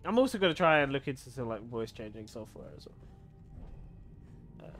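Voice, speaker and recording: A man's voice: medium pitch, big pitch swings, a little fast, a bit bright, soft background music. A man streaming a video game, chatting casually with viewers, swearing freely and laughing often. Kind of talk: casual gaming stream chat.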